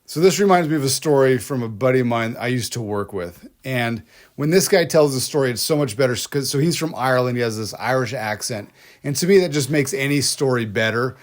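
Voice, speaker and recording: A man's voice: medium pitch, brisk. A man co-hosting a podcast in casual chat, telling rambling stories with restarts and laughs. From United States. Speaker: podcast co-host.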